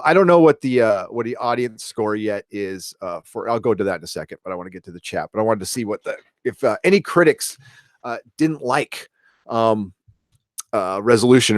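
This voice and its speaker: A man's voice: medium pitch, no echo, clean studio sound. A middle-aged American man hosting a livestream, ranting casually with profanity and lots of fillers, then reading out viewer chat. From United States. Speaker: livestream host.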